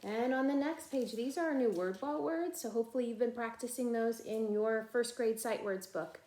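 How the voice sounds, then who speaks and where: A young woman teaching a first grade phonics lesson, patient and clear, stretching out sounds for children to echo. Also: on the high side, normal speed, warm tone.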